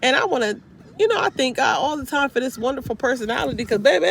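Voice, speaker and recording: A woman's voice: sits high, expressive, quick pace, gravelly, slight background noise. A woman vlogging from a parked car into a handheld phone, giving upbeat, repetitive, slangy encouragement. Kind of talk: motivational casual talk to camera.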